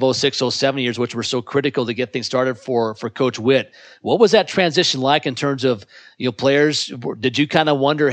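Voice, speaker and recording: A man's voice: medium pitch, no room sound. A man hosting a sports interview show, giving long fluent setups before his questions. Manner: fluent, recaps history before asking. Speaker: sports podcast host.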